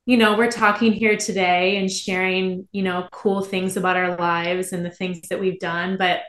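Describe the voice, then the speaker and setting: A woman's voice: fairly low pitch, flat delivery, normal speed, fairly bright tone. A young adult woman, a guest on a podcast, talking in an earnest, thoughtful way. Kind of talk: casual podcast conversation. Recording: echoey room.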